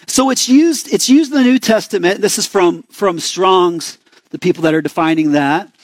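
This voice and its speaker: A man's voice: high-pitched, normal speed, no room sound. A young man with an Arizona accent preaching a sermon in a conversational way, often asking the congregation questions. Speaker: pastor.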